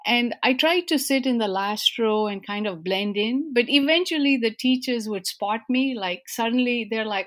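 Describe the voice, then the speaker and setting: A woman's voice: a little high, normal speed, hardly any pauses. Woman from India, interview storyteller. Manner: warm, self-deprecating storytelling with frequent hesitations. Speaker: interviewee, organization president. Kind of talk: conversational interview answers.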